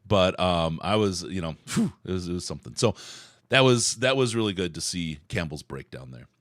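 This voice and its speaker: A man's voice: low voice, lively intonation, normal speed, no echo, studio quality. A man hosting a sports podcast, chatting casually and rambling through his points. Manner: conversational, rambling with restarts. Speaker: podcast host.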